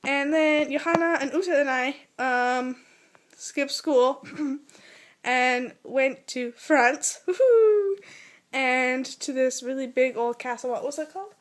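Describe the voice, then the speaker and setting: American girl telling a story to the camera, high voice, lots of "like", animated and giggly. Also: slow pace. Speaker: vlogger. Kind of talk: casual storytelling.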